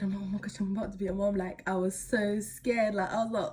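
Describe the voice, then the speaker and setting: Husky teen girl vlogging, chatty and animated, lots of slang fillers. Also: medium pitch, fast talker, few pauses. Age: teens. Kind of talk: casual storytelling to camera.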